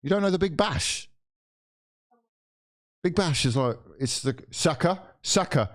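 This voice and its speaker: In a somewhat high, expressive voice, a man commentates a football match live for a watchalong at a measured pace. He reacts with sighs, swearing and mock hopelessness as the play unfolds.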